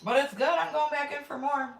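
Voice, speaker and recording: A woman's voice: sits high, a little fast, creaky. Middle-aged woman, blunt and chatty livestream host; echoey room, distant mic, faint hiss. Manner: chatty and blunt, swears, greets viewers by name. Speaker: homestead channel host. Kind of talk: casual livestream chat.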